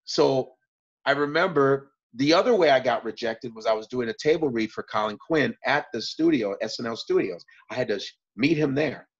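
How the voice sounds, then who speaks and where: A man, a comedian guest, telling stories in casual talk, profane and animated, jumping up in pitch when acting out moments. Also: moderate pace, highs cut off. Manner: profane, animated retelling with bursts of high pitch. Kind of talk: casual storytelling.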